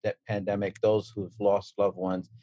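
A man in his forties from Brooklyn with a Brooklyn accent, a transplant surgeon talking as a guest in a relaxed, storytelling way with fillers and restarts. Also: on the low side, normal speed, muffled recording. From Brooklyn, New York. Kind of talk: casual interview talk.

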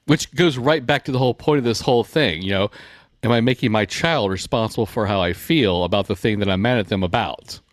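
A man's voice: on the low side, brisk, no room sound, studio quality. Man telling a wry everyday anecdote. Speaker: podcast co-host. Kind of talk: casual podcast discussion.

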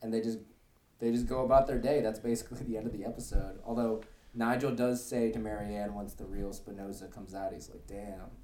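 A man's voice: lowish voice, steady tone, brisk, dark tone, roomy sound. A man co-hosting a podcast, casually recapping a cartoon episode in a rambling way, with lots of fillers and joking asides. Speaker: podcast co-host. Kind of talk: casual chat.

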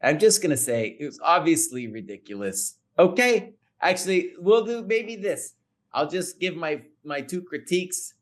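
A man co-hosting a casual podcast chat, talking in an animated, emphatic and teasing way. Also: on the high side, normal speed. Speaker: podcast co-host.

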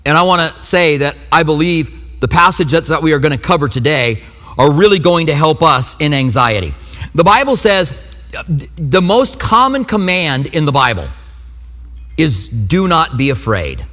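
A male pastor gives a sermon in a loose, conversational way. He acts out his reactions with humor as he tells stories. His voice sits high and bright, and it rings with the long reverb of a big church hall. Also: expressive, moderate pace. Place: church sanctuary.

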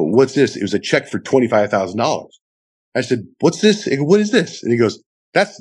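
During an interview, a middle-aged radio host spins a long tale with lively energy. Whenever he quotes someone, he acts it out with large swings in his voice.

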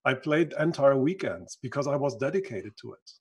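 A man speaks in a husky, slightly rough voice at a middle pitch. English is not his first language, and he pauses now and then to find a word. He tells his story as an interview guest, earnest and reflective. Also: lively intonation, darkish tone. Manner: reflective, earnest, searches for words. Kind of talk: conversational storytelling.

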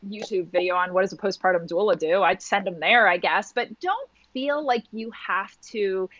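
A woman's voice: mid-range voice, moderate pace, a bit bright, dry recording, dull audio. A woman who works as a postpartum doula, talking in a podcast conversation and acting out little quoted exchanges as she explains.

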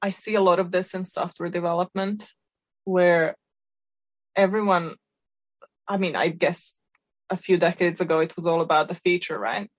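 Woman podcast cohost, lowish husky voice, thinking out loud. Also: fairly even intonation, normal speed, long pauses, highs cut off. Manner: reflective, explains ideas conversationally. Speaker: podcast co-host. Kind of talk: casual chat.

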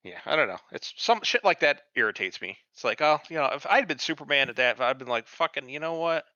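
Animated, sarcastic man ranting casually. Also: fairly high pitch, brisk, no echo. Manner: heated, sarcastic, acts out characters mid-rant. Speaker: podcast co-host. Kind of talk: casual profane chat reviewing a show. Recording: dull lo-fi sound, dry.

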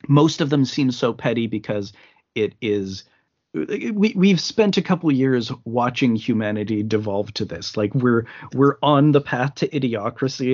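His medium-pitched voice has a darkish tone as he co-hosts a podcast, chatting about films in a rambling way with frequent restarts and fillers. The lo-fi audio is slightly muffled.

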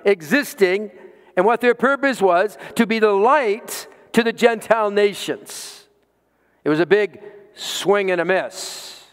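A man's voice: high voice, smooth. A man preaching as a pastor, telling a story and repeating key lines for emphasis. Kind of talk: sermon. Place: church sanctuary. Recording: reverberant church hall.

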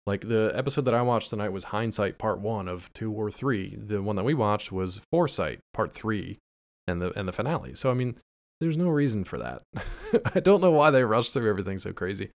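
A man's voice: lowish voice, expressive, a little fast. A man co-hosting a podcast, reviewing a show in easygoing casual chat and agreeing along. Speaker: podcast co-host.

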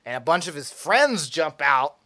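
A man's voice: fairly high pitch, very animated, moderate pace, pushed and bright. A young man from Tennessee, telling a story in casual chat, profane and acting out quotes with laughs.

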